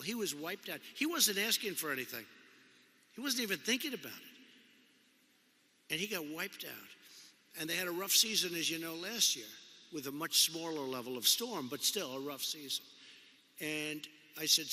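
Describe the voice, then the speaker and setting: A man's voice: on the high side, animated, moderate pace, long pauses, sharp tone. A man giving an off-the-cuff political speech as president, rambling and repeating himself with conversational asides. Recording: long echo of a big hall.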